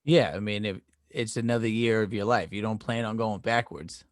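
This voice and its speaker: A man co-hosting a casual podcast, talking in a measured, easygoing way. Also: fairly low pitch, no room sound, studio quality. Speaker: podcast co-host.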